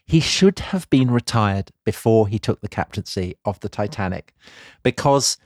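A man's voice: lowish voice, expressive, moderate pace, no room sound, studio quality. A man co-hosting a casual history podcast, wry and methodical, laying out events step by step. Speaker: podcast co-host.

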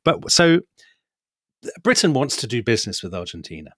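A man telling a history story in a casual podcast conversation, animated and often laughing as he talks. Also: mid-range voice, normal speed, dry recording, clean studio sound. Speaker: guest storyteller explaining history.

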